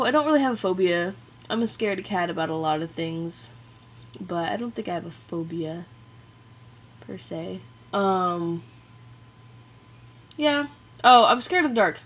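A woman chats into her webcam for a challenge vlog. She laughs at herself often and keeps filling her pauses with um and like. Her pitch sits right in the middle for a woman. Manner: giggly, self-deprecating, filler-heavy. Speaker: vlogger. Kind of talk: casual accent challenge vlog.

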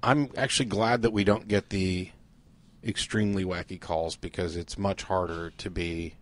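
Low-voiced man in measured chat. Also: steady tone. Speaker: podcast co-host. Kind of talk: casual chat.

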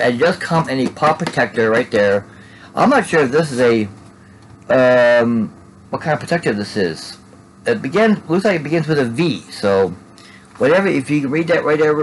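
A man's voice: medium pitch, a little hiss or hum, rough recording. A man casually narrating an unboxing at home, rambling and tacking "there" onto his sentences. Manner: rambling, repeats "there" and restarts often. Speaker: Funko collector vlogger.

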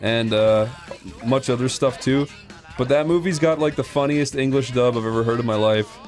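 A man's voice: medium pitch, normal speed, a little mellow, soft background music. A man co-hosting a casual chat, telling crude, joking stories. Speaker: host.

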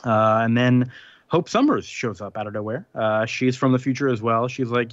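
A man co-hosting a podcast, recapping a comic plot in casual chat, rambling with fillers and quick laughs. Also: medium pitch, no echo, dull audio.

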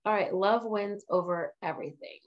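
A woman trainer hosting a casual live tutorial, chatting excitedly and laughing at herself as she works. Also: medium pitch, normal speed, highs cut off. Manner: excitable, giggly, self-amused chatter.

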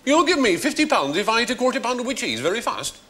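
An actor playing a flustered fast food worker in a TV sketch, with a Northern English accent and stammering replies. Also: male voice, very high-pitched, sing-song, a bit bright, exaggerated voice. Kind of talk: sketch comedy. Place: television studio with audience.

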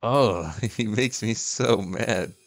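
In casual commentary, a gaming YouTuber addresses the game directly, yelping and laughing with excitement at what happens. He's a young man with a lowish voice who takes his time, and there's slight background noise.

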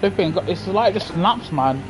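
A man's voice: high voice, animated, normal speed, background noise. A man giving slangy, chatty live commentary while streaming a racing game on a headset mic, talking to himself and to his viewers. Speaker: gaming streamer. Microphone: gaming headset.

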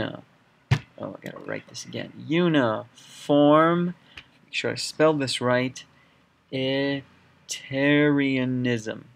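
A male teacher talks through a lesson as he writes on a board, leaning on key words and repeating them for emphasis. His pitch sits in an ordinary middle range. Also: vocal fry, a bit bright. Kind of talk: whiteboard lecture.

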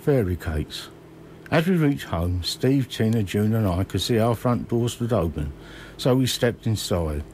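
A man in his sixties from Kent, reading his own memoir slowly and measuredly in a radio studio. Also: on the low side, expressive, darkish tone, a little hiss or hum.

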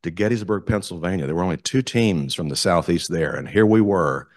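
A low-voiced man from South Carolina, a community theater director appearing as a guest speaker, tells stories to a club in an animated, enthusiastic way. He talks fairly quickly, and the recording is clean studio sound with no room sound.

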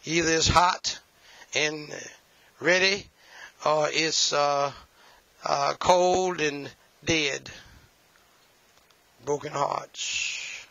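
A man's voice: on the high side, steady tone, very slow, gravelly, pauses often, bright, forceful tone, no echo, muffled recording. A man preaching a sermon, emphatic and repetitive, with folksy asides.

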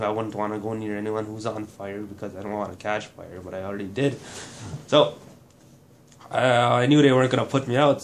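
A man from Manitoba, Canada, giving a personal testimony in a halting, restarting way, blunt and swearing at times. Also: on the low side, a little hiss or hum. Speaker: burn survivor telling his story.

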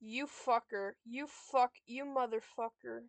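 Young woman streamer, high pitch, unhurried, exasperated and profane. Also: steady tone, gravelly, no echo. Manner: frustrated, swearing, talking to herself. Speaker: streamer playing a board game. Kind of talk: casual gameplay commentary.

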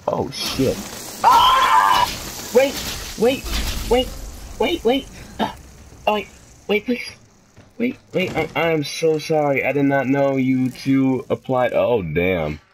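Gaming host, male, forceful voice with wildly swinging pitch, jumpy and profane, self-mocking. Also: big pitch swings, takes it slowly, long pauses, slight background noise. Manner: jumpy, shrieks high when startled. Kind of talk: let's play commentary.

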